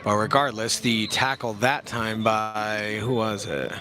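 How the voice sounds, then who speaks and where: A man's voice: fairly low pitch, steady tone, a little slow, crowd noise. A young man casually calling a youth football game outdoors, jokey and slangy, poking fun at himself. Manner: laid-back, jokey, slangy, self-deprecating. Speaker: play-by-play commentator.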